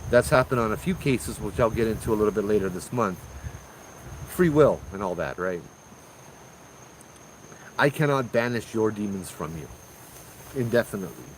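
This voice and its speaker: A man's voice: on the low side, expressive, normal speed, long pauses, a little hiss or hum, low-quality recording. A man with a Hawaiian accent hosting a show, telling ghost stories in a laid-back, slangy way. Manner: laid-back, slangy, calls listeners bro. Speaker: host. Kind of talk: casual ghost storytelling.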